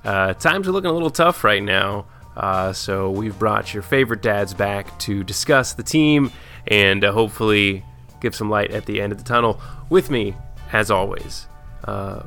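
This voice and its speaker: A man's voice: fairly low pitch, unhurried, faint music behind. Laid-back man hosting a podcast. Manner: relaxed, filler-heavy, laid-back. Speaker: podcast host. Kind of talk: casual podcast chat.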